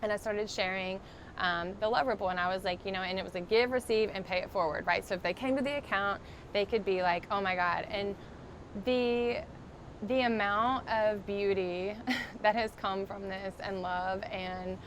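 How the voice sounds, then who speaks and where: A woman's voice: medium pitch, fairly even intonation, moderate pace, slight background noise. Heartfelt woman telling her story. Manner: earnest, heartfelt storytelling with many fillers. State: undergoing chemotherapy. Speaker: podcast guest. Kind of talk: casual interview storytelling.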